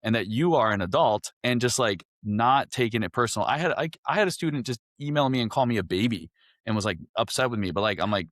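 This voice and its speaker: A man's voice: mid-range voice, animated, fairly quick, a bit bright, no room sound, studio quality. A man who teaches, hosting a podcast and talking directly and conversationally with his guest. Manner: direct, conversational, self-deprecating asides. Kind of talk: podcast interview.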